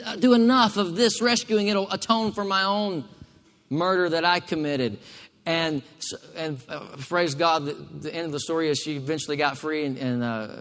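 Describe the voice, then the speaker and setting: A man's voice: fairly high pitch, fairly bright tone. Preaching man in an echoing hall. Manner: emphatic preaching with call-and-response to the congregation. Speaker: pastor. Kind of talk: sermon.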